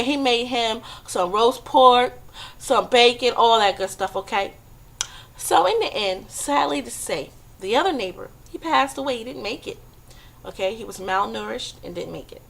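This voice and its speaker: A woman's voice: on the high side, animated, normal speed, vocal fry, a bit bright. A woman vlogger giving a casual comedic monologue, chatty, often checking in with the listener. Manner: chatty, repeats "okay" and "come on now".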